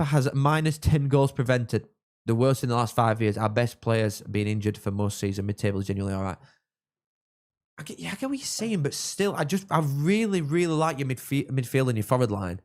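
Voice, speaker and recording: A young man from England, hosting a live football watchalong and chatting with viewers, reacting loudly to goals. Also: mid-range voice. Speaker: livestream host.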